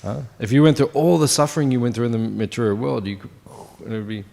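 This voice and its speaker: Talking fast in a medium-pitched, dark voice with vocal fry, a man in his fifties holds a morning scripture class in a temple. He's loose and conversational, continually quizzing listeners, and long hall reverb fills the recording.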